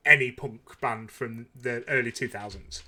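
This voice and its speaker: A man's voice: medium pitch, a little slow, a crowd in the background. A man, chatting casually as a podcast host and rambling enthusiastically. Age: 30s. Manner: rambling and enthusiastic, with frequent fillers and laughs. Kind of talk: casual chat.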